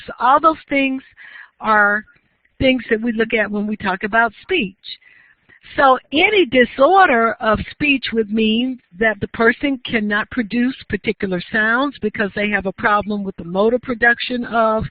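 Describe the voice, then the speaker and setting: A woman teaching a university class online, explaining at a measured pace and putting questions to her students. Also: on the high side, dry recording. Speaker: university lecturer. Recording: dry, phone-like narrow sound.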